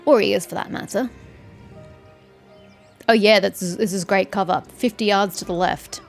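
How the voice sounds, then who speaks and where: A woman's voice: medium pitch, fairly even intonation, measured pace, vocal fry. A woman gamer with a sore throat, giving sarcastic, chatty commentary while she plays. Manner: sarcastic, chatty, teasing characters. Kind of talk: let's-play commentary. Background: faint game music.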